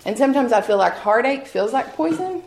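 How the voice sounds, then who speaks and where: A woman giving a heartfelt personal testimony at a church gathering, earnest and quick to laugh at herself. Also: fairly high pitch, expressive, darkish tone. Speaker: guest speaker sharing testimony. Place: church hall with an audience. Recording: roomy hall echo.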